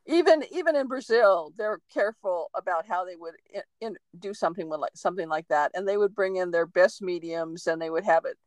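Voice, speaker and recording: A woman co-hosting a podcast, a medium telling a story in a lively, chatty way with laughs and acted-out quotes. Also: fairly low pitch, no echo, low-quality recording. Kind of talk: casual storytelling chat.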